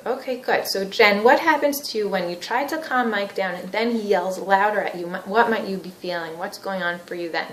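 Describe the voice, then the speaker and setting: A woman's voice: mid-range voice, a little fast, few pauses. Woman therapy trainer demonstrating a session. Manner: explanatory, validating, gently probing. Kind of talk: teaching demonstration with role-play. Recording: echoey room.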